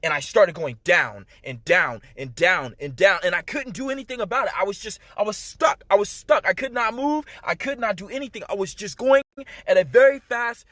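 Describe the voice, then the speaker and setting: A man's voice: sits high, lively intonation, normal speed, fairly bright tone, dry recording. A man urgently telling a personal testimony to the camera, emphatic, with many fillers and direct appeals to the listener. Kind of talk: emotional first-person storytelling.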